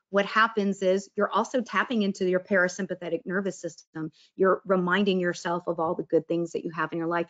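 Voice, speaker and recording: A woman's voice: medium pitch, muffled recording. A woman giving a casual presentation on mindfulness and breath work, chatty and acting out quoted inner voices. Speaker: wellness presenter.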